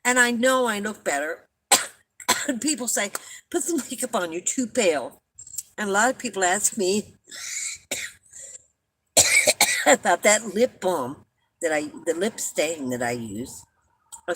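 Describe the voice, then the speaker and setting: A woman's voice: mid-range voice, fairly bright tone, slight background noise, poor audio. An older woman hosting a casual live-stream chat, rambling and chatty, laughing at her own stories and coughing often.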